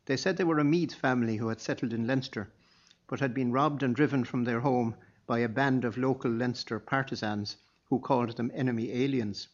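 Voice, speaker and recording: A man narrates a historical story in a measured, even voice at medium pitch. The reading is steady and scripted. The recording sounds a bit dull and lo-fi. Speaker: audiobook narrator.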